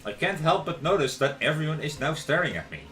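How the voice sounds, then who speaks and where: A man's voice: on the high side, fast, soft background music, rough recording. A young man streaming live, narrating a visual novel aloud and breaking off for playful asides. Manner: expressive, swings between narration and playful asides.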